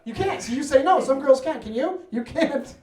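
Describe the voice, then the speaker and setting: Animated New York stand-up comic, roomy sound. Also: male voice, extremely high pitch, moderate pace. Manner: animated, profane, acts out family voices. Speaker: stand-up comedian. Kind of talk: stand-up comedy set. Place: apartment living room. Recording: roomy sound from a distant mic.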